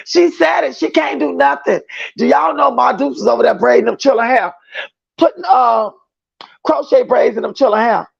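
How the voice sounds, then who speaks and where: A man's voice: very high-pitched, gravelly, husky. A man hosting a livestream, chatting emphatically with his viewers and reading their comments aloud. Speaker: livestream host. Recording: dull lo-fi stream audio.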